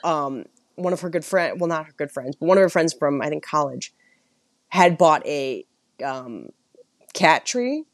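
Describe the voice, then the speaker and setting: A woman's voice: low-pitched, expressive, unhurried, no room sound, clean studio sound. A woman co-hosting a podcast, telling rambling stories in casual chat and playfully mimicking other people's voices. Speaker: podcast co-host. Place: Boston area.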